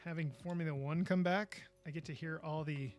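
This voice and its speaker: With a fairly high, steady voice and a fairly quick pace, a man hosts a live podcast over soft background music. His talk is goofy, chatty live-stream banter while he builds, punctuated by exclamations of frustration.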